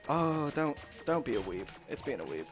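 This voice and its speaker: Chatty male speedrunner, animated delivery, music bed underneath. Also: a little high. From United Kingdom. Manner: chatty, jokey, laughs often. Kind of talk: casual live commentary on a game run.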